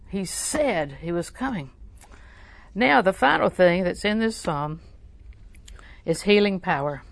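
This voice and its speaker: A woman with a low, gravelly voice preaching a sermon. She tells a story and quotes scripture, asking her listeners questions along the way. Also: expressive, slow, no room sound.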